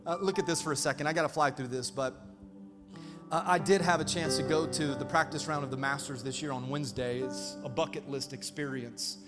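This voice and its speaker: A man in his thirties preaching a sermon as pastor, energetic and animated, calling out to the congregation. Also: on the high side, fairly quick. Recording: reverberant hall, faint music behind.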